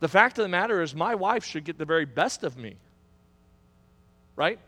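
A man's voice: on the high side, animated, moderate pace, sharp tone, big-room sound. A middle-aged man preaching a sermon as pastor, building to emphatic, repetitive climaxes. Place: church sanctuary.

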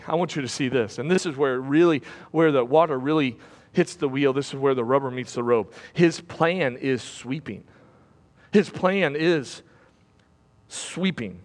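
A man preaching a sermon from a church platform, swinging between loud bursts and hushed, repeated phrases. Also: sits high. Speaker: pastor. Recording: long hall reverb.

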